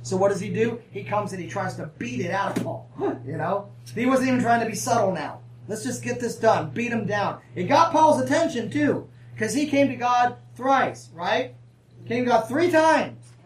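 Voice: mid-range voice, lively intonation, normal speed. A preacher delivering a conversational sermon, asking the congregation for amens and adding humorous asides. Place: church sanctuary. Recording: roomy, distant mic, faint ambience.

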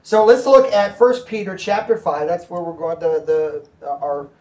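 A man's voice: sits high, lively intonation, normal speed, a little mellow, echoey room, recorded from a distance. A man preaching as a pastor, explaining scripture in a conversational way and checking in with his listeners. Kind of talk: Bible teaching.

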